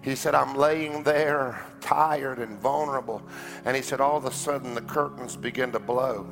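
A man preaching in a large church, his voice rough and gravelly. He tells a story and climbs to a fervent shout. Music plays clearly behind him. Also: medium pitch, normal speed. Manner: storytelling, builds to shouting climax. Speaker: pastor. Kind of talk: sermon.

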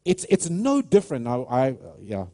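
A male pastor preaches with fervent emphasis, pressing each point and stumbling into restarts as he builds. His mellow, darkish voice swings widely in pitch, sitting a touch high. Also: animated, normal speed. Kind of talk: sermon.

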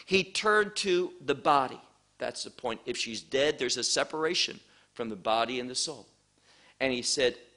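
A man teaching a Bible passage verse by verse, explaining Greek wording in a deliberate, measured way. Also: medium pitch, sharp tone.

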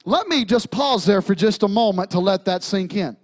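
A man's voice: sits high, animated, moderate pace. A man, preaching a sermon in a church sanctuary, with humor and emphatic repetition. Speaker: pastor.

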